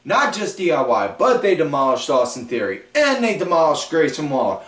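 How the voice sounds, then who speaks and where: A man's voice: on the high side, very animated, a bit bright. A man hosting a wrestling podcast, recapping shows in a rambling, casual way full of fillers. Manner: slow, drawn-out, rambling delivery with frequent fillers. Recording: echoey room, far from the mic.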